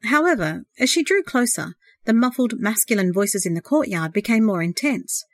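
A woman narrating a novel as an audiobook, in a measured, expressive reading. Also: on the high side, no echo, clean studio sound.

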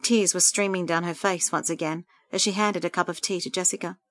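A woman narrating a story aloud in a calm, steady reading voice. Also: lowish voice, fairly quick, no echo.

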